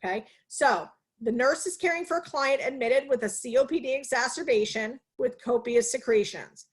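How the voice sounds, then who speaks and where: A woman nursing instructor giving a live online lecture over a video call, energetic and teacherly, asking questions and answering them herself. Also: fairly high pitch, moderate pace, slightly rough.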